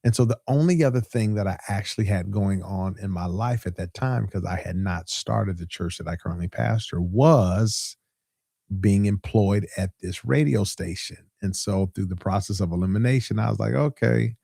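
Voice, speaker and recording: A man's voice: fairly low pitch, normal speed, gravelly, dark tone, husky, no room sound, clean studio sound. A middle-aged man, a pastor hosting a podcast, telling a story in a casual way and repeating points for emphasis. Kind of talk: casual preaching podcast talk.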